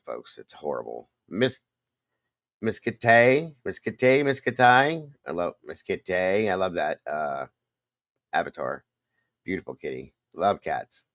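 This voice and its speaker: A man's voice: very deep voice, fairly bright tone, no echo. An older man hosting a casual livestream, rambling and greeting viewers one by one by name. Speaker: livestream host.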